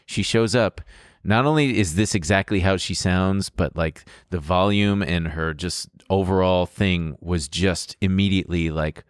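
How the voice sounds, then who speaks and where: A man's voice: deep voice, unhurried, smooth, dry recording, studio quality. A man co-hosting a podcast who makes wry quips in casual chat and tells stories about his dates, mimicking the people in them. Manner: wry quips, acts out a date's voice. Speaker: podcast co-host.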